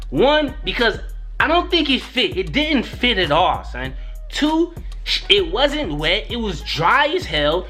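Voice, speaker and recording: Young male vlogger, animated slangy storyteller, bright lively voice, light music underneath. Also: high-pitched. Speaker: YouTuber. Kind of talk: casual storytelling.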